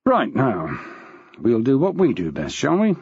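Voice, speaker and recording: Man voicing a dry police detective, measured, dull dry recording. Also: mid-range voice, wildly swooping pitch, vocal fry, a little mellow, husky, dry recording, heavily acted.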